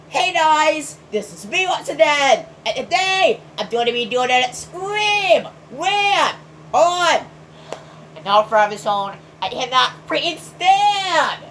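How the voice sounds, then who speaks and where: Woman reviewer, high voice, slow delivery, ranting and sighing constantly. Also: lively intonation, a little hiss or hum, low-quality recording. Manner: exasperated, sighs heavily between sentences; shouts in outbursts of indignation. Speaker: video reviewer.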